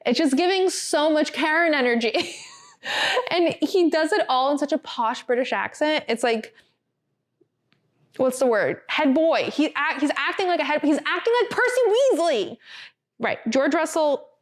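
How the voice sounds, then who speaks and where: A woman with a somewhat high voice hosts a podcast in a chatty, animated way. She talks casually and fills her sentences with little asides and laughs. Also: normal speed. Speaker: podcast host. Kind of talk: casual chat, reading a statement aloud.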